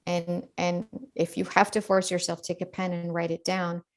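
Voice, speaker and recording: A woman's voice: lowish voice, monotone, normal speed. A middle-aged woman, a dentist guest on a podcast, talking earnestly and candidly and often repeating words as she goes.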